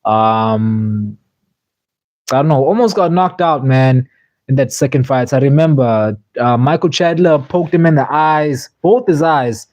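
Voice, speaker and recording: A man's voice: mid-range voice, unhurried, a little mellow, no echo. A man streaming a casual chat, rambling with lots of fillers and restarts. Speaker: streamer reviewing fights.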